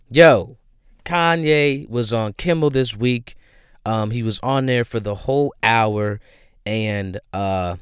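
A young man delivers a casual commentary rant full of slang, emphatic and repetitive, constantly saying "bro" and "my guy." His medium-pitched voice is smooth, with no room sound and a clean studio quality.

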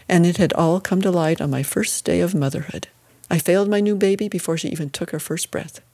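Low-voiced woman narrating a story. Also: mellow. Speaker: audiobook narrator. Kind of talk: first-person scripted narration.

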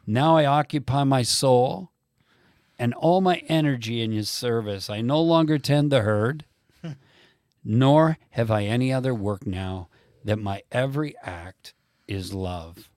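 A man hosting a faith conversation, reading quotes slowly and emphatically like a preacher. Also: mid-range voice, a little mellow, dry recording, studio quality. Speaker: podcast host.

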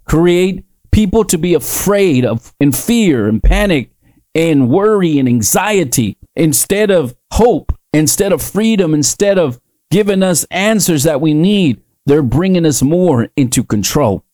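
A man's voice: fairly high pitch, expressive, a little slow, darkish tone, no room sound. A man hosting a podcast, preaching in an emphatic, repetitive way that rises into fervent declarations. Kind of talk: preaching commentary.

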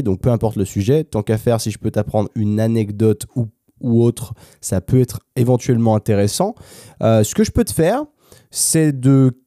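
A man's voice: medium pitch, mellow, dry recording, clean studio sound. A French man, a native French speaker, hosting a language practice podcast in an unscripted, casual monologue, thinking aloud with many restarts and fillers. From France. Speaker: host of an English practice podcast.

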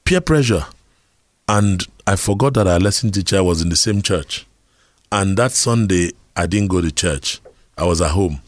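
A man's voice: low-pitched, animated, normal speed, dry recording, clean studio sound. A middle-aged Nigerian man giving an earnest talk on communication, telling personal stories and asking rhetorical questions. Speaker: speaker on communication skills.

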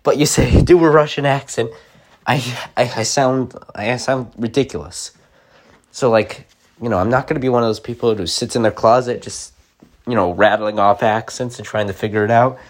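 A man's voice: medium pitch, steady tone, normal speed. A young man talking casually in a mid-range voice, rambling from thought to thought. He starts over often and leans on filler words. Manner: rambling, full of likes and restarts.

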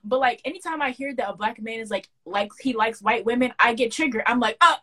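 A young woman co-hosting a casual podcast, telling a story with lively slang and acting out the quoted dialogue. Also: fairly high pitch, fairly quick, slightly rough. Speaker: podcast co-host.

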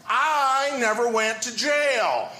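A man performing a stand-up comedy set, telling stories in a deadpan way and putting on voices for the people in them. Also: very high voice, slow. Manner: deadpan storytelling with acted phone voices. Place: comedy stage before a live audience. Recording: echoey club with loud crowd laughter.

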